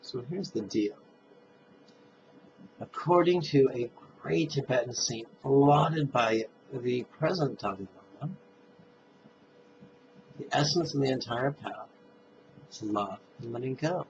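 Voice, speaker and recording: A man leading a guided meditation, speaking calmly and drawing out his recitations. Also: mid-range voice. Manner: slow, calm, drawn-out recitation. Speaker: meditation teacher. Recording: dull lo-fi sound with faint noise.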